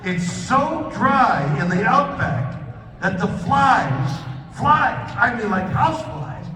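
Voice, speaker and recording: A very high-pitched man with lively intonation takes his time telling a self-mocking, wandering story from a convention stage, with lots of restarts. Music plays in the background. He's a guest speaker in a large hall, heard through a far-off mic amid the echo.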